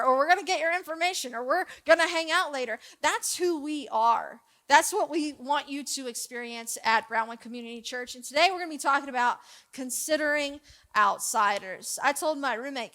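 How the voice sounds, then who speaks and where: A young woman gives a relaxed church sermon, full of stories and asides to her listeners. Her voice sits high and comes across bright and clear. She talks in a loose, jokey storytelling way. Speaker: preacher.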